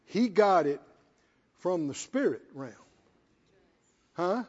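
A man's voice: high-pitched, animated, slow pace. A man preaching a sermon in an emphatic, folksy way, repeating himself for effect. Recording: lo-fi with long hall reverb.

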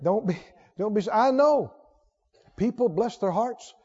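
A man preaching a sermon in a church, fervent and emphatic, swinging from loud to hushed. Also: high-pitched, animated, a little slow, slightly rough. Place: church sanctuary. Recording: lo-fi recording with long hall reverb.

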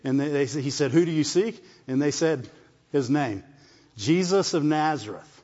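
At normal speed and with a fairly high, slightly mellow voice, a preacher builds his message through repeated phrases and call-and-response asides to the congregation. His words carry a long reverb in a large hall, and the audio is dull and muffled.

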